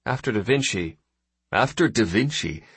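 A man voicing a seasoned male fleet admiral who speaks in a measured, wry way. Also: fairly low pitch, expressive, fairly bright tone, husky, dry recording, exaggerated voice.

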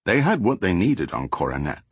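A man narrating an audiobook thriller in a steady, even storytelling voice. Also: deep voice, moderate pace, breathy edge, no echo. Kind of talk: scripted narration.

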